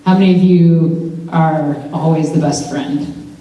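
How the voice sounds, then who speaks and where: A young adult woman telling a personal story to students in a lecture hall, chatty and animated with lots of fillers. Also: sits low, slow, muffled recording. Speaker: mental health speaker. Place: large university lecture hall. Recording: very echoey hall from far off.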